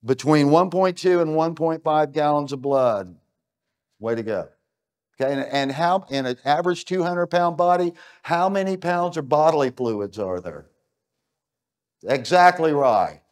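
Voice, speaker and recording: A man's voice: on the high side, animated, measured pace. A middle-aged American man giving a conference keynote in a punchy, emphatic way, full of rhetorical questions. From United States. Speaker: keynote speaker. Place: stage at an event.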